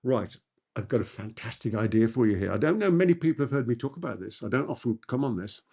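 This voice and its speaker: A man's voice: mid-range voice, expressive, quick pace, gravelly, darkish tone. A man who is a business coach, answering audience questions in an emphatic masterclass talk and repeating key points for effect.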